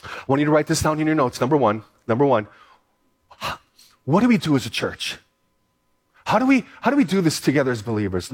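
High-voiced man preaching a sermon. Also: sing-song. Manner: preaching, repeats phrases for emphasis; reads scripture slowly and deliberately. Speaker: pastor. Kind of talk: sermon with scripture reading.

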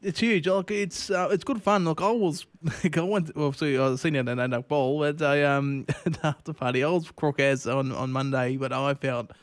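A man's voice: a little high, steady tone, moderate pace, few pauses, dry recording. A man chatting casually in an easygoing way and laughing often. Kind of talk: casual conversation.

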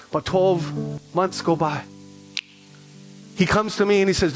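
A middle-aged man preaching a sermon, his voice sitting a little high for a man. He tells stories with lively build-ups and repeats phrases for emphasis. Soft music plays faintly behind him. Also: normal speed. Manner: animated, repetitive storytelling with rising emphasis. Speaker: pastor.

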